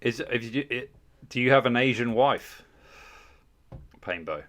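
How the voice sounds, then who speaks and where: A man's voice: medium pitch, lively intonation, a little slow, a bit bright. A man hosting a casual livestream, bantering with chat in a crude, swearing, mock-outraged way. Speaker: livestream host.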